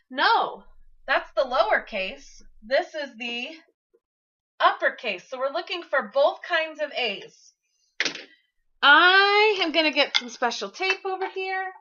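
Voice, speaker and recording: A woman teacher giving an early-grade classroom lesson to camera, sing-song and encouraging, speaking slowly for young children. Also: high-pitched, fairly bright tone, muffled recording.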